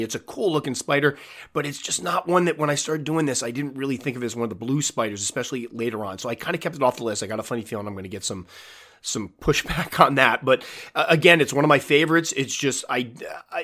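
A man's voice: medium pitch, fairly bright tone. A man with a stuffy, nasal voice from allergies, hosting a casual podcast monologue in a chatty, self-deprecating way with frequent restarts. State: stuffy, congested nose from allergies. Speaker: podcast host.

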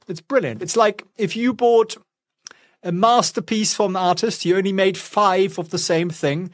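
A man's voice: fairly high pitch, no echo, studio quality. A man giving casual stock market commentary at home, chatty and wry with sarcastic asides. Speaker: finance vlogger. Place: home, with a pet nearby.

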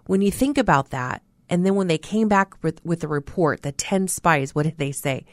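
A woman's voice: fairly low pitch, normal speed, no echo, clean studio sound. A woman giving an earnest, emphatic radio devotional as host. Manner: earnest preaching, animated and emphatic with laughs. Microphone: studio mic.

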